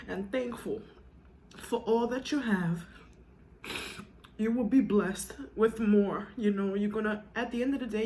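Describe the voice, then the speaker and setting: A woman's voice: mid-range voice, mellow. Woman vlogger just talking to her viewers, earnest and emotional, says "you know" a lot, a bit of faint noise behind. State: tearful at times. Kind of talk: heartfelt casual chat to viewers.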